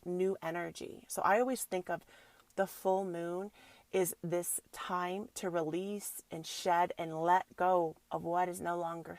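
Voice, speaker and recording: A woman in her thirties talks on her wellness podcast in a loose, chatty way, full of filler likes, speaking straight to her listeners as soul sisters. Her voice has a gravelly fry, and it sits close and dry on the mic. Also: on the low side, a little mellow, no room sound. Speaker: podcast host, yoga teacher. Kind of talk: spiritual self-help podcast chat.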